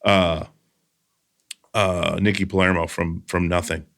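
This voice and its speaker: A man with a lowish voice hosts a casual podcast chat. He tells stories earnestly and drifts into loose asides. The sound is a close studio microphone. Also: level tone, measured pace, creaky, a bit bright. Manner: storytelling, earnest, trailing asides. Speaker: podcast host.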